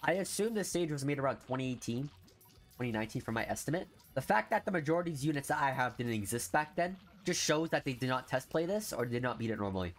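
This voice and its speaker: A young man commenting on a mobile game he is streaming, grumbling low, then bursting out loud in frustration. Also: lively intonation, fairly quick, faint music behind. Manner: frustrated ranting, swings from low muttering to loud outbursts. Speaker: gaming streamer. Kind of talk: casual gameplay commentary.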